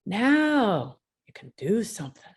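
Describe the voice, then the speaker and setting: A woman's voice: medium pitch, big pitch swings, slow, breathy edge. A woman mediator and author on a video call, giving an emphatic, humorous talk and acting out bits of dialogue. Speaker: mediator and author being interviewed. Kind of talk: lively teaching talk with anecdotes.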